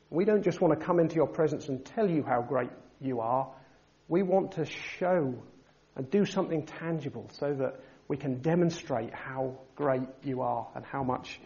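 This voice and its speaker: A man with a fairly high-pitched voice preaches a sermon, posing rhetorical questions to his listeners and building to loud, emphatic passages. The highs in the recording are cut off.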